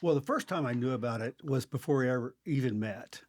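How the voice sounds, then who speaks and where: Measured man on a dry mic. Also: medium pitch, animated, no room sound. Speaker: guest. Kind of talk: casual conversation.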